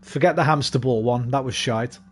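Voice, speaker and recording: A man's voice: medium pitch, brisk, a little hiss or hum. A young man rambling casually and swearing freely while streaming a game. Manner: rambling, sweary, laid-back. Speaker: gaming streamer. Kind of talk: casual chat while gaming.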